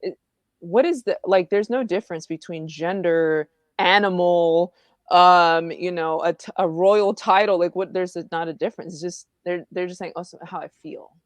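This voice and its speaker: A woman's voice: fairly low pitch, moderate pace, no echo. A woman teacher, guest on a podcast, telling stories animatedly and acting out what people said. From Houston, Texas. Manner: animated storytelling, acts out quotes. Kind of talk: casual conversation.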